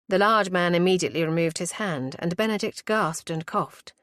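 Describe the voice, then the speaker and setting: A woman narrating a historical romance audiobook in a measured, dramatic way. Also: fairly low pitch, fairly bright tone, no room sound, studio quality.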